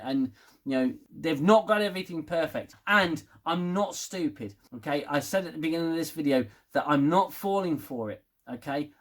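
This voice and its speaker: A man giving a rambling, casual spoken TV review, swearing and getting worked up as he talks. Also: on the high side. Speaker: TV review vlogger.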